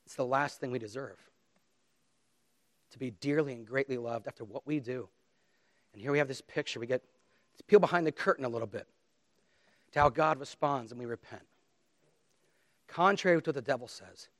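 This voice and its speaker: A man's voice: mid-range voice, moderate pace, long pauses, fairly bright tone, no echo, studio quality. A man preaching a sermon, earnest and emphatic, reading scripture aloud with dramatic emphasis. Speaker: pastor.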